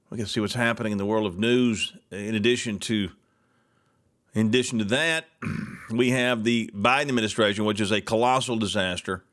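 Middle-aged guy ranting on his talk show, sarcastic and fired up, middle-pitched voice. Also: a bit bright. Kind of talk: solo opinion talk show monologue.

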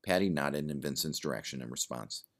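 A man reading a story aloud in plain, steady narration. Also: extremely low pitch, a little fast.

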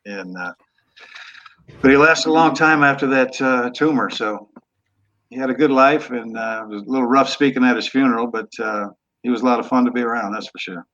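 A man in his sixties, a former quarterback, telling stories in a relaxed, rambling way with some rough language. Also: mid-range voice, brisk, lo-fi sound. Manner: laid-back, trailing off, rough language. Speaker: guest, former football quarterback. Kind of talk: casual storytelling interview.

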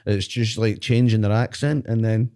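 A man's voice: lowish voice, fairly even intonation, moderate pace, dark tone. A Glaswegian man co-hosting a podcast, rambling and swearing playfully in casual chat in a studio. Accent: Glaswegian Scottish. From Scotland. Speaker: podcast co-host.

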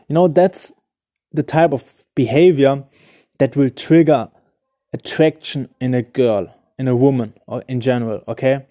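Man talking dating advice, mellow voice. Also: a little high, normal speed. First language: not English. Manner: loose, explanatory, full of "like" and "okay?"; searches for words, restarts. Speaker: podcast host giving dating advice. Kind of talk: casual solo podcast talk.

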